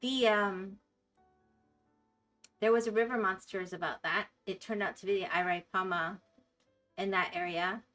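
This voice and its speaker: A woman's voice: mid-range voice, fairly even intonation, measured pace, pauses often, fairly bright tone. Florida woman streamer chatting w/ chat, laughs a lot, faint music behind. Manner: chatty, laughs often, apologetic about pronunciation.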